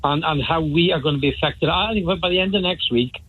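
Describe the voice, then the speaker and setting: A man's voice: on the high side, brisk, breathy edge. A man calling a radio phone-in, speculating and repeating himself as he weighs things up. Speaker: radio caller. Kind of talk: phone-in opinion call. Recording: phone line.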